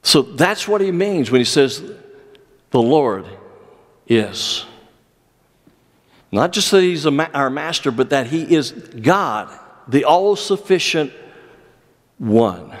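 A pastor preaching an earnest sermon, with measured delivery and dramatic pauses. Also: male voice, a little high, very animated. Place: church sanctuary. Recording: long church reverb.

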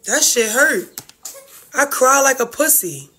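A woman's voice: high-pitched, expressive, slow pace, pushed and bright. A woman venting to her livestream viewers about family feuds, blunt, profane and heartfelt. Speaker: reality-TV family member livestreaming.

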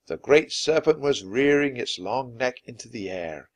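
A man reads a children's adventure story aloud. His delivery is expressive and dramatic. His pitch moves freely over a wide range. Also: measured pace. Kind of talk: children's book read-aloud.

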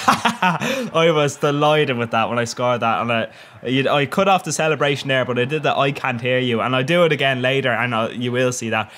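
A man's voice: mid-range voice, animated, moderate pace, a bit bright. Young man, cheeky, sweary, laughs a lot, casual game commentary. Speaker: gaming commentator.

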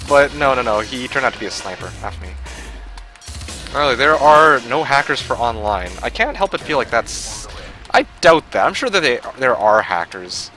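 A man giving casual live commentary while playing an online shooter, muttering, swearing and breaking into yells and laughter. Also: mid-range voice, lively intonation, moderate pace, faint music behind. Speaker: gaming livestreamer.

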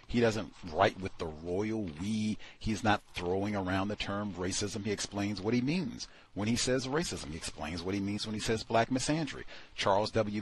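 A man with a low, husky voice hosts a talk program. He is blunt and dismissive and circles back to the same points again and again. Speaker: radio show host. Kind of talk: casual critical commentary.

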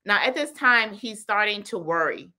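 A woman business coach talking on a live stream, telling stories in an animated, chatty way. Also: medium pitch, moderate pace. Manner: animated, chatty, heavy use of "like".

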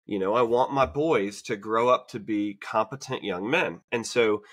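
A man's voice: lowish voice, moderate pace, a bit bright. A man co-hosting a podcast, talking in a casual, reflective way with many fillers and restarts. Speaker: podcast co-host. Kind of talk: casual conversation.

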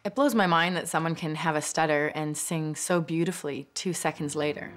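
A woman's voice: sits low, fairly quick, soft background music. A woman in an interview recalling a talk she watched, speaking with vivid admiration. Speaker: audience member recalling a talk. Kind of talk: interview recollection.

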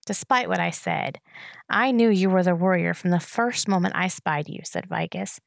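A woman's voice: lowish voice, moderate pace, vocal fry, dry recording. A woman reading a children's novel aloud, shifting her voice a little for the characters. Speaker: reader.

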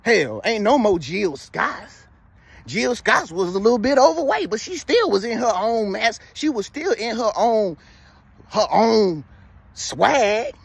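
A man's voice: high voice, very animated, slow pace, gravelly, husky, no room sound. A man in his thirties giving casual motivational advice, preachy and repetitive, who keeps checking in with "you feel me.". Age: 30s. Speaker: motivational vlogger.

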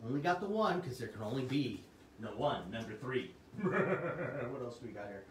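A man's voice: mid-range voice, sing-song, normal speed, recorded from a distance, a little hiss or hum. A man hosting a livestream sales show, with upbeat salesman patter and chatting with his viewers. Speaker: host. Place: Arizona. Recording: roomy sound from off the mic.

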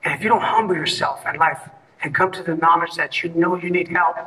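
A man's voice: fairly high pitch, brisk, bright, forceful tone, recorded from a distance, poor audio. A man giving an event speech, telling a story and acting out both sides of the dialogue. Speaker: event speaker. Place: event hall.

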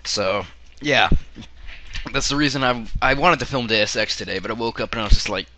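A Canadian man with a hoarse voice, half losing it, rambling through casual game commentary with joking asides. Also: medium pitch, brisk, background noise. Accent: Canadian English. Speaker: gaming video creator.

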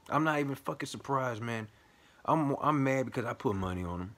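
A man hosting a boxing channel, giving a casual post-fight breakdown in a blunt, profane, animated way. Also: mid-range voice, moderate pace.

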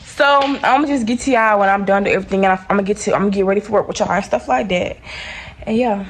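A woman's voice: mid-range voice, quick pace, low-quality recording. A woman chatting casually to her phone camera in a vlog, slangy and full of fillers. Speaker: vlogger.

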